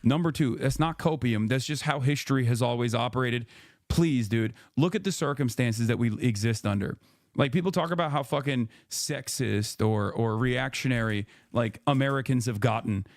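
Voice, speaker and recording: A man's voice: medium pitch, moderate pace, no room sound, clean studio sound. A man in a played clip giving argumentative political commentary, lecturing his listeners.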